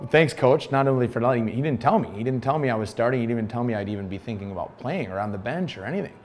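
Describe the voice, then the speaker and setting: A man's voice: medium pitch, a little hiss or hum. An American man in his thirties, a former pro soccer player, recounting his story in an interview and acting out the dialogue he quotes. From United States. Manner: animated retelling, acts out quoted dialogue.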